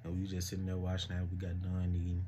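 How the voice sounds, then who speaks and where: A young man co-hosting a casual storytime, relaxed and playfully teasing his partner. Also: low voice, fast, slight background noise. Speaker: co-host telling a couple's story.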